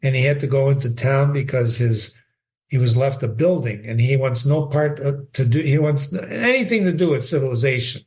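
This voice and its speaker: A man's voice: mid-range voice, moderate pace, a little mellow. An older man hosting a reading show, giving an informal, rambling lecture on literature and addressing himself by name as he goes. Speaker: host.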